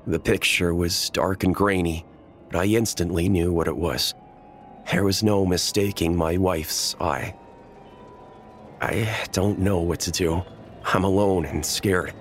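A man with a low, deep voice reads a scary first-person tale in a measured, tense way. Soft music plays quietly under his narration. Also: steady tone. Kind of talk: scripted horror narration.

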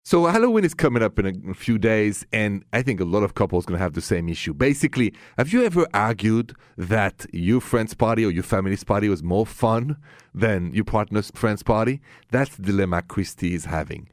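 A male radio host gives relationship advice in an upbeat, emphatic manner. His voice is low, but it rises and falls a great deal. The sound is close and dry. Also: lively intonation, a little fast, no echo. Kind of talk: radio advice talk show.

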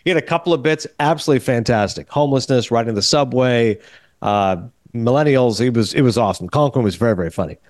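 A man's voice: medium pitch, fast, no room sound, clean studio sound. A man hosting a film podcast, telling a casual story and acting out the quoted lines of others. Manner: animated, acts out quoted dialogue. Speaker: podcast host.

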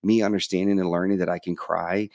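A man telling his life story as a podcast guest, open and animated, swearing casually. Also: low voice, brisk, no echo, clean studio sound. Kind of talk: personal storytelling in interview.

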